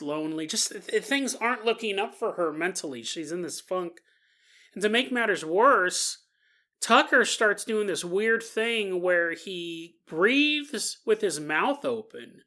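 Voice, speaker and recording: Woman, podcast host, casual spooky storytelling, joking, acts out characters, bright tone. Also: medium pitch, expressive, measured pace. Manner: chatty and joking, acting out the people in the story. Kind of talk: casual paranormal story narration.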